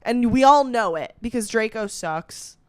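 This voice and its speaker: Smooth-voiced young woman doing stand-up. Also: on the high side, dry recording, studio quality. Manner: animated, swearing, quick asides and restarts; sarcastic rants. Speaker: comedian. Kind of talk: stand-up comedy.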